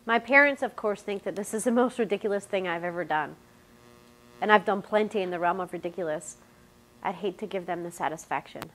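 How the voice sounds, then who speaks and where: A woman's voice: mid-range voice, brisk, a bit bright, slight background noise, natural voice. A woman playing an eager young student. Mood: anxious. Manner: gushing, upward-inflected statements. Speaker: actress.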